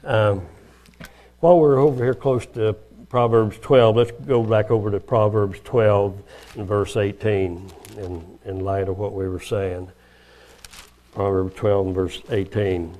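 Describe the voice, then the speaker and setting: A man's voice: lowish voice, steady tone, measured pace, mellow. An older man preaching a sermon in a folksy, conversational way, acting out quoted dialogue as he goes.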